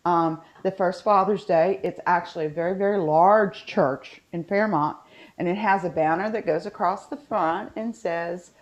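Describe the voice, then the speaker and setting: A woman's voice: fairly low pitch, a little slow. A woman with a West Virginian accent, co-hosting a casual chat over a video call, rambling with frequent ums. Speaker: co-host.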